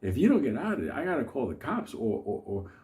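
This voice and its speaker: A man playing a tired park officer telling someone to leave, firm but a bit flustered. He sounds close to an everyday voice, low-key and mellow. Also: very animated, fast talker, natural voice. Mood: insistent.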